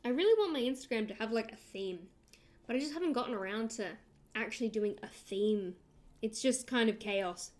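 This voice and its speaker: A young Australian woman with a slightly high voice talks casually while she draws on stream. She rambles, trails off mid-thought and reads out and answers her chat in a loose, chatty way. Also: lively intonation, fairly quick, a little mellow. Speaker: livestreamer.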